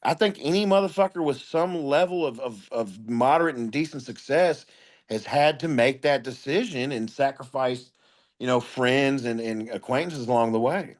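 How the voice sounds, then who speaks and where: A man's voice: medium pitch, normal speed. A man guest, a comedian, telling candid stories in an interview with a blunt, profane, emphatic way of talking.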